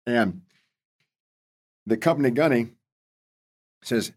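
A man's voice: medium pitch, fairly quick. A man in his fifties, a senior Marine leader interviewed as a guest, telling stories bluntly with salty words. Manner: animated storyteller, blunt and salty. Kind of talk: storytelling interview.

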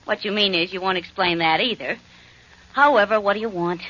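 A woman's voice: mid-range voice, fairly quick, pushed and bright. An actress playing a tart, teasing young woman in a 1940s radio drama, bantering on the telephone. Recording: dull old radio recording.

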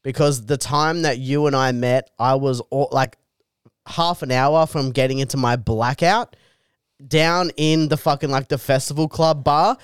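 Crude self-mocking man, smooth voice. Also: mid-range voice, dry recording, studio quality. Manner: fast, crude, self-deprecating storytelling. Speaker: stand-up comedian guest. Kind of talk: casual comedy podcast chat.

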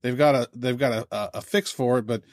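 A man's voice: medium pitch, darkish tone, no echo, clean studio sound. A man co-hosting a casual podcast, talking enthusiastically with lots of fillers. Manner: enthusiastic, fast, many fillers. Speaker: podcast co-host.

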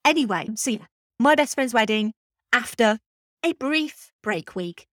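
This is a woman closing out her film podcast, with an eager, chatty manner and a touch of self-mockery. Her voice sits a little high. The recording is close and dry, from a podcast microphone. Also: animated, a little slow, no echo. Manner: chatty, enthusiastic, self-deprecating. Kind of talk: scripted podcast outro.

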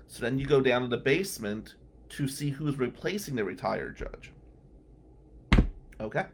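A man's voice: medium pitch, expressive, normal speed, vocal fry, breathy edge. A man hosting a podcast, a lawyer telling wry, incredulous stories from his working day. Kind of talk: storytelling monologue.

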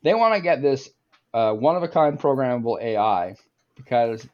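A man's voice: medium pitch, lively intonation, normal speed. A man hosting a movie podcast, steering the talk and summarizing plots with dry humor. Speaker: podcast host leading questions. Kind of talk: casual chat. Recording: dull lo-fi sound.

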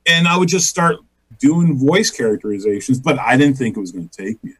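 A man's voice: mid-range voice, expressive, fairly quick, a bit bright, husky, low-quality recording. A middle-aged man, a comedian guest, telling rambling stories in a casual interview, laughing often and acting out quotes.

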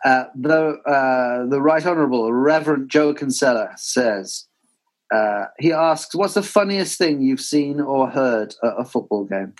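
Podcast host, male, animated anecdotes, mid-pitched. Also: a little slow. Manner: animated storyteller, shouts quoted fans. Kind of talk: casual podcast chat.

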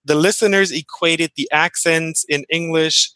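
Bright-voiced man with a German accent. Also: a little high, steady tone, a little slow, dry recording. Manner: thoughtful, rambling with restarts. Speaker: podcast co-host. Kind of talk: casual panel chat.

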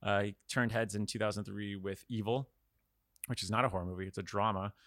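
A man's voice: fairly low pitch, fairly even intonation, a little fast, a bit bright, no echo, studio quality. A man co-hosting a podcast in casual chat, rambling through a story with laughs and casual swearing. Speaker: podcast co-host.

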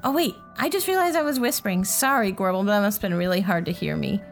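A woman playing a tabletop role-playing game, speaking softly and tentatively. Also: mid-range voice, expressive, fast, soft background music. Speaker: player. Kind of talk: casual tabletop game play.

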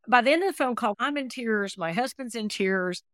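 A woman in her sixties, appearing as a podcast guest, tells the emotional story of her life as an adoptee, earnestly and vividly acting out what people said. Her voice is a little high and she speaks at normal speed, recorded as clean studio sound with no echo.

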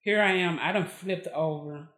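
A woman's voice: lowish voice, normal speed, roomy sound. A woman, a podcast guest telling her story in casual conversation, acting out what people said. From Texas. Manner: lively, acts out quoted dialogue.

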